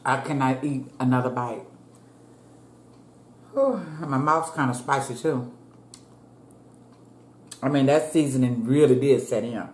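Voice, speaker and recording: A woman's voice: a bass voice, unhurried, long pauses, a little mellow. A woman food vlogger chatting casually to her viewers while eating, calling them y'all. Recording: echoey room with faint ambience.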